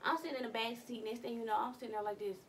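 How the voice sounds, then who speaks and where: A young woman vlogging from her bedroom, telling a story in an animated, slangy way with some cussing. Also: on the high side, very fast, recorded from a distance, slight background noise. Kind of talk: casual storytime vlog.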